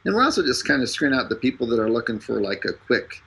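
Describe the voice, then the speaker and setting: A man hosting a live stream, making a casual, joking sales pitch full of fillers and restarts. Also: big pitch swings, quick pace, vocal fry, bright, forceful tone, slightly rough, low-quality recording. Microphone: streaming over an internet connection.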